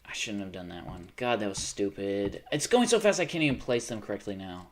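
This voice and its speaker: A man streaming live, commenting on his own game, swearing and bursting into panic between low, self-critical mutters. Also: sing-song, brisk, slight background noise.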